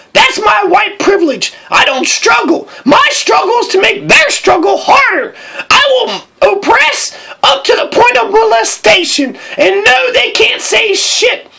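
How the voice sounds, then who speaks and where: Brief: woman voicing a tyrannical bully teacher, very high, bright and gravelly, shouting profane rants. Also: heavily acted. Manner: shouting, profane, mocking rant.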